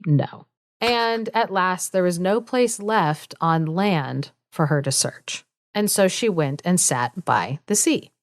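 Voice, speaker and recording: A woman co-host retells a fairy tale in an easy, chatty manner, scattering "like" and asides through her lines and laughing often. Her voice sits a little low for a woman. The recording is close and dry. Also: expressive, takes it slowly, dry recording. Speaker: podcast co-host. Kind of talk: casual storytelling chat.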